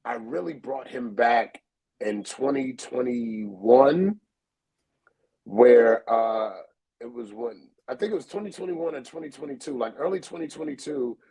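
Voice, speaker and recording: A comedian, telling stories in a casual interview over a video call, relaxed and full of fillers. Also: male voice, medium pitch, a little slow, slightly rough, low-quality recording. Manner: relaxed, storytelling, many fillers. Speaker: comedian guest.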